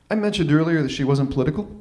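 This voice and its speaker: A man's voice: fairly high pitch, a little mellow. A man telling a personal story at a live open-mic event, conversational and self-deprecating, often restarting his phrases.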